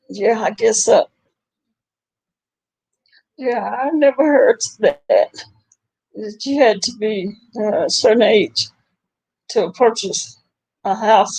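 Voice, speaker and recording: A middle-aged woman chatting casually about online drama, animated and laughing often. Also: vocal fry, husky, no room sound, rough recording. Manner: animated, laughing often, rising into high exclaims. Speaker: livestream commentator.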